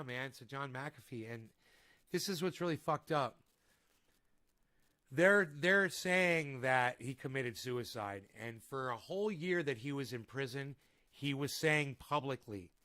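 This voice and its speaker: At a desk in his home room, a vlogger chats casually into a desk mic on a live stream, rambling and swearing and getting heated when he rants. His voice is medium-pitched with a bright, forceful tone.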